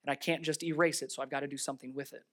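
A pastor delivering a sermon in a mid-range voice. They lean into rhetorical questions and emphatic repetition. They move between raised, stressed lines and low, heartfelt asides. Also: steady tone, very fast. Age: adult with children. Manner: swings between raised emphasis and quiet earnest tones.

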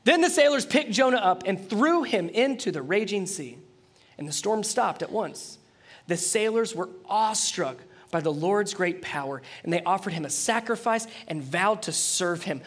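A man preaching a sermon and reading scripture aloud, animated, swinging between loud emphasis and quiet, earnest intensity. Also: sits high, moderate pace.

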